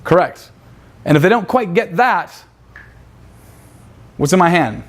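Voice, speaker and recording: A man's voice: high voice, lively intonation, a little slow. A man leading a live seminar, brash and profane, firing rhetorical questions at his audience. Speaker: seminar instructor.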